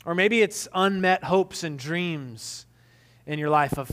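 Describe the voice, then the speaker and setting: A man in his thirties with a notably high voice preaches in a relaxed, chatty way. He leans on fillers and pokes fun at himself as he tells his stories. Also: takes it slowly. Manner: conversational, self-deprecating, many fillers. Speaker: pastor. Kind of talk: casual storytelling sermon.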